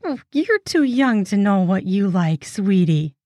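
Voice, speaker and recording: A woman's voice: mid-range voice, sing-song, a little slow, darkish tone, no echo, clean studio sound. Woman voicing a bold teasing older woman. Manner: sultry, teasing, hissing. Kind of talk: erotic audiobook reading.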